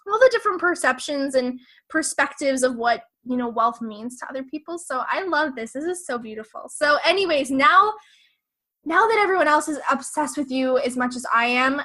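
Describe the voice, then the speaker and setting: A woman's voice: high voice, bright, forceful tone. A young woman hosting a podcast in an effusive, gushing casual chat, dropping mild swears. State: pregnant. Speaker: podcast host.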